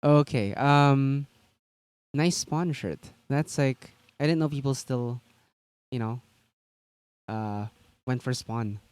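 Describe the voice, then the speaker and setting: A man's voice: mid-range voice, slow, long pauses, darkish tone, clear, resonant tone, no echo. A man co-hosting a tabletop gaming news stream, chatting casually and rambling with lots of fillers and restarts.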